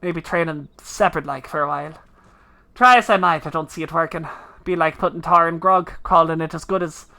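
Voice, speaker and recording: A woman's voice: low voice, brisk, sharp tone. A woman voicing a grumbling mercenary leader in an old-fashioned folksy dialect, muttering to themselves.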